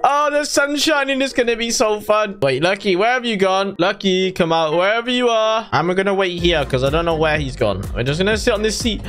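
A woman voicing a mischievous, excitable baby boy in a Roblox role-play, whooping and rattling on eagerly. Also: medium pitch, soft background music, natural voice. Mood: excited. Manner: excitable, whooping, fast-talking.

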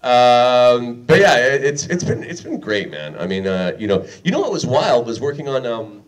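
A man's voice: mid-range voice, big pitch swings, moderate pace, far from the mic. A man speaking as a guest on a convention panel, joking and teasing with lots of laughter. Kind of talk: casual convention panel talk. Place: convention panel room with audience. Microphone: filmed from the audience.

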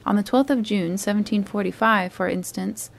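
A woman reading a classic adventure story aloud in a calm, soothing voice, lightly lifting her tone for the characters' speech. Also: medium pitch, moderate pace, gravelly. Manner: soft and soothing, gently voicing the characters. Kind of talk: calm bedtime read-aloud.

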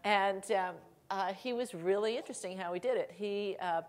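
A middle-aged woman giving a conference keynote, telling lively anecdotes with laughter and acted quotes. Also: mid-range voice, normal speed. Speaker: keynote speaker. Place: conference hall stage.

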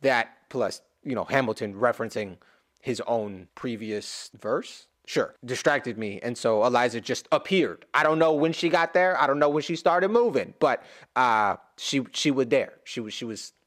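A man's voice: medium pitch, lively intonation, moderate pace, fairly bright tone. A man giving casual reaction commentary as a YouTuber, rambling, correcting himself and adding humorous asides.

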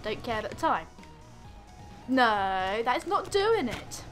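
A woman's voice: a little high, very animated, a little slow, fairly bright tone, faint music behind. A woman doing let's play commentary, exasperated and laughing often as she scolds the game character. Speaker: gamer.

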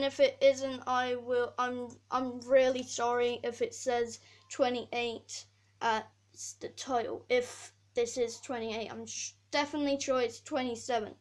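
A woman's voice: high voice, level tone, unhurried, poor audio. A preteen girl hosting a casual video update from her bedroom, rambling and apologizing often, with many fillers. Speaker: channel host. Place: bedroom at home.

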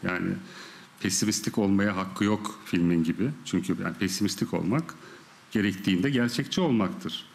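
At a press conference, a Turkish-accented film director answers in halting English full of fillers, laughing often. His voice sits low, with vocal fry.

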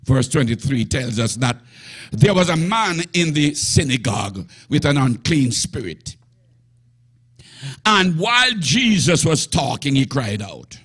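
A man preaching a sermon emphatically, often rising to shouts. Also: medium pitch, sing-song, a little slow, slightly rough.

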